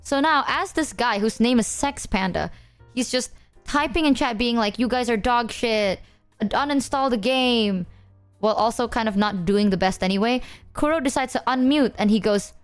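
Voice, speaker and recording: A woman's voice: a little high, expressive, normal speed, faint music behind. A young adult woman streamer rambling through game stories with slang and swearing. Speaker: VTuber streamer. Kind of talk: casual storytelling about games.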